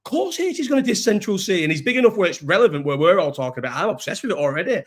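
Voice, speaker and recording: A man's voice: high-pitched, big pitch swings, rapid-fire. A young man with a Scouse accent hosting a casual live-stream chat, rambling, swearing freely and restarting his sentences.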